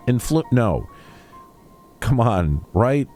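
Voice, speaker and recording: A deep-voiced man casually talking through a game he is playing, muttering quick reactions to himself. Quiet music plays faintly beneath his voice. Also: sing-song. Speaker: let's play streamer. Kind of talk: casual gameplay commentary.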